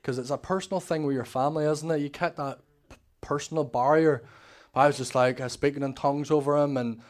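A man's voice: on the high side, fairly even intonation, fast talker. A man, an ex-prisoner giving an emotional, rambling faith testimony to a church congregation. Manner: rambling, emotional storytelling with restarts.

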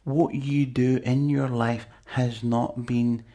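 Gravelly preacher. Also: male voice, medium pitch, level tone, slow, dark tone. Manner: conversational, chatty with asides to the congregation. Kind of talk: sermon.

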